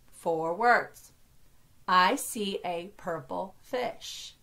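A woman's voice: mid-range voice, expressive, takes it slowly. An American woman in her thirties, a teacher giving an early-grade reading lesson and carefully sounding out words for young children. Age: 30s.

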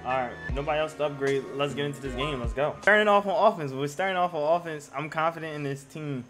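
Excitable young man over game music. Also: on the high side, fast. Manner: excitable, slangy, hypes up plays. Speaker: gaming YouTuber. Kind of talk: casual gameplay commentary. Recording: music playing in the background.

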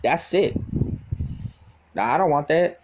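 A man's voice: on the high side, lively intonation, slow, noisy background. A young man in casual phone talk who taunts and swears, often stuttering and repeating words. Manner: taunting and profane, with many stammered repeats. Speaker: vlogger.

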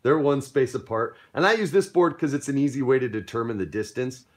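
An upbeat man runs a pirate tabletop game, explaining rules and narrating the action. His voice sits at an everyday middle pitch, and his tone is playful and chatty. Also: lively intonation, brisk. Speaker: game master.

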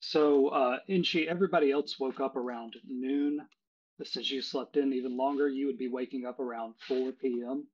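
A man's voice: medium pitch, fairly even intonation, normal speed, dull audio, a little hiss or hum. A man running a tabletop game as game master, explaining the setting with many fillers.

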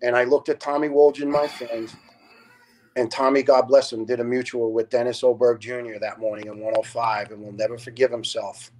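A man in his fifties, a retired fire lieutenant, recounts his story as a podcast guest. He speaks bluntly and earnestly at an ordinary, middle pitch. He often breaks into animated impressions of the people he quotes. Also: a little fast. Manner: animated, acts out quoted dialogue. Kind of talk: emotional first-person storytelling on a podcast.

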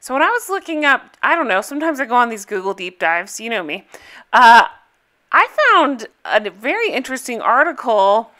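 Bright, crisp chatty woman recapping TV. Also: on the high side. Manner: chatty and gossipy, with frequent fillers. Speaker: reality TV recap host. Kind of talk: casual episode recap.

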